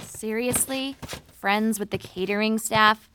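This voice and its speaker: A woman's voice: fairly high pitch, steady tone, unhurried, close to an everyday voice. A woman voicing a snobby, demanding female reptile pop star who complains about everything. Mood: haughty. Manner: haughty, complaining. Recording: noisy recording.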